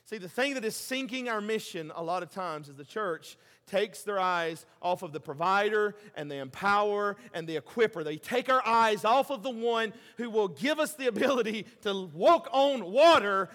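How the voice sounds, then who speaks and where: Male preacher, high voice, impassioned sermon, loud peaks and soft asides, long hall reverb. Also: expressive, normal speed, hardly any pauses. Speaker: pastor.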